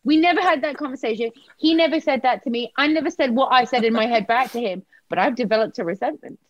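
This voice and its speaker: A woman's voice: fairly high pitch, quick pace, no echo, muffled recording. A woman talking candidly in a casual chat, swearing freely and laughing often.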